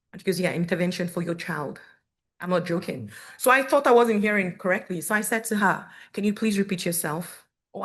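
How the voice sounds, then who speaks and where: A woman in her thirties, a parent speaking at a community forum, giving candid, earnest personal testimony to an audience. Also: lowish voice. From Canada. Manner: earnest, candid, storytelling with quoted dialogue.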